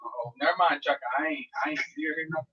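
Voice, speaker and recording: A man's voice: a little high, fast, slightly rough, dull audio. A man joking around and teasing as co-host of a casual live stream.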